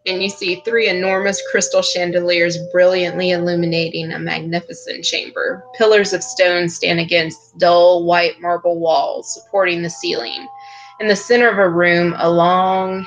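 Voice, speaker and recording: A woman narrating a tabletop game as game master, describing scenes in unhurried detail. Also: fairly low pitch, little pitch movement, soft background music, rough recording.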